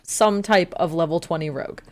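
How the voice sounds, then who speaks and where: Chatty young woman, lower voice. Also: a little fast. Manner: enthusiastic, rambling with fillers and frequent laughs. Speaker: player. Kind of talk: casual tabletop game chat.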